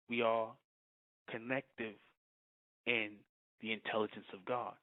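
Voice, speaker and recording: A man preaching to followers, repeating his points and often asking whether listeners understand. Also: mid-range voice. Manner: repetitive, keeps asking "you understand?". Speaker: spiritual teacher. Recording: thin phone-like lo-fi audio.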